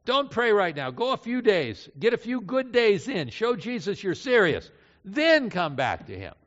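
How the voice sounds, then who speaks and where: A sly, taunting devil , put on by a preacher, jabs with mocking questions, pitched up high. The sound is dull and slightly lo-fi, with the long reverb of a big hall. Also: male voice, wildly swooping pitch, unhurried, exaggerated voice. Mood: coaxing. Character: sly tempting male devil, accusing and coaxing.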